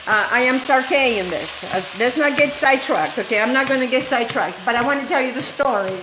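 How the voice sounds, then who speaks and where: A woman from Calabria hosting a cooking vlog in her home kitchen, talking in an animated, digressive way and often addressing the viewers as guys. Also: high-pitched, brisk. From Calabria, Italy. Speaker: cooking show host. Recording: echoey kitchen, faint cooking noise. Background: sizzling pan, stirring.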